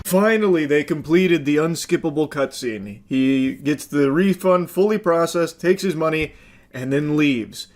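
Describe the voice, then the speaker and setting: A man's voice: a little high, unhurried. A man commenting on a video clip in a sarcastic, exasperated way, swearing bluntly. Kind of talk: reaction commentary.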